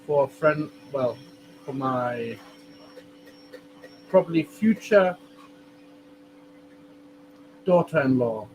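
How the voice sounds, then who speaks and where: A man chatting as a guest on a livestream, halting and repeating his words. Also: mid-range voice, expressive, darkish tone, muffled recording. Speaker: regular guest. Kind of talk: casual livestream chat. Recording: noisy stream audio.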